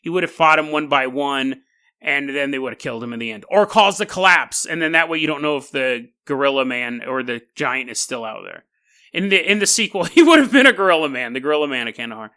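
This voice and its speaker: A high-pitched, very lively male podcast host with a sharp, bright tone. He rambles through strange stories with jokes and silly sound effects, often stumbling and correcting himself. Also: fast. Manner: frequent self-corrections and laughter. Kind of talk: casual comedic storytelling.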